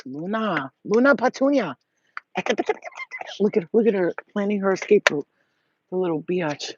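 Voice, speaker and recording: A woman's voice: medium pitch, big pitch swings, moderate pace, slightly rough. A woman vlogger talking in a blunt, profane, rambling casual monologue. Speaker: spiritual vlogger. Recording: dull lo-fi audio.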